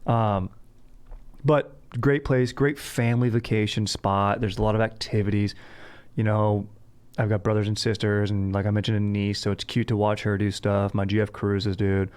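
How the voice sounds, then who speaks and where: A young man with a fairly low voice, talking loosely and slangily as a podcast host. He riffs in casual chat and keeps dropping "dude" into his sentences. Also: flat delivery, normal speed, a little mellow, clear, resonant tone. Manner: laid-back slangy, says "dude" a lot.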